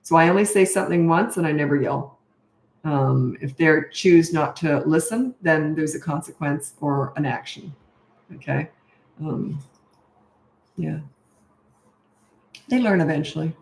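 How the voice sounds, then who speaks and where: In an echoey room, a middle-aged woman from Canada fields viewer questions as a parenting coach during a casual livestream, speaking bluntly and matter-of-factly. Her voice is low and a little mellow, unhurried, with long pauses.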